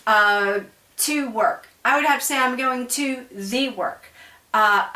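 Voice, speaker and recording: A woman's voice: on the high side, pushed and bright, recorded from a distance. Woman teaching in an echoey room. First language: English. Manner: chatty, explaining with frequent "right?" check-ins. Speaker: French teacher. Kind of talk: classroom lecture. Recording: echoey room, voice away from the mic.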